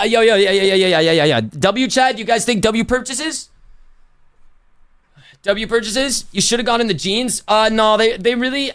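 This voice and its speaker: High-voiced rambling male streamer. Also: fairly bright tone. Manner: rambling, slangy, self-correcting. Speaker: livestreamer. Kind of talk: casual chat to a stream chat.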